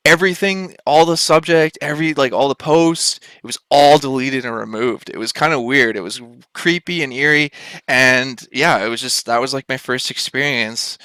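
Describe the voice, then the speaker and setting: A man's voice: medium pitch, clean tone, dry recording. A man in his thirties from Canada, casually telling a personal story in a rambling way, full of "like.". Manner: rambling, lots of filler "like", excited retelling. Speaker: vlogger.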